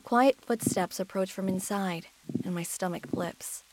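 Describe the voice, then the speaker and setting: A woman narrating a first-person audio role-play in a soft, hushed, shaky and tearful way. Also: mid-range voice, unhurried. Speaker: storyteller.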